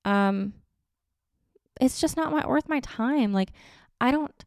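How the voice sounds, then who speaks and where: A woman's voice: high-pitched, expressive, slow pace, clean tone, no room sound, clean studio sound. A woman in her thirties chatting casually to camera, rambling and correcting herself as she goes. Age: 30s. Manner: rambling, chatty, self-correcting with frequent laughs. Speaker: vlogger.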